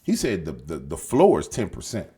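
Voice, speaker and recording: Husky-voiced man ranting with lively pitch. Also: moderate pace. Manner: animated, profane, streetwise slang, talks straight to viewers. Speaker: political commentary podcast host. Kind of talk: casual opinionated monologue.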